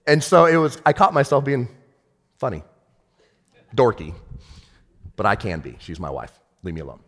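A man preaching a sermon as pastor, animated, swinging from shouted lines to hushed ones. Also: fairly low pitch, moderate pace, in a large hall.

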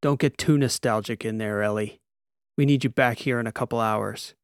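A sardonic, commanding squad leader in a sci-fi audiobook, read by a male narrator, giving orders in a low, gravelly voice. The sound is close and dry. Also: normal speed, no room sound, natural voice. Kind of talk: audiobook character voice.

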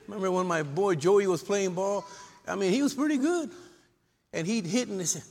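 Man, pastor, lively sermon, high voice, long church-hall reverb. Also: fairly quick. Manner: lively preacher with call-and-response and humor. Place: church sanctuary.

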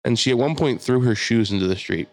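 A man telling a long story in casual podcast chat, acting out the people in it with shouted lines. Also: medium pitch, fast talker. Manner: animated storyteller, mimics shouting voices. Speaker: podcast co-host.

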